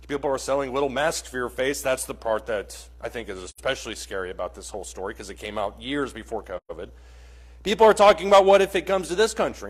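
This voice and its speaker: A man teaching a church Bible class, telling a dramatic story in an earnest, vivid way and speaking straight to his listeners. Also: on the high side.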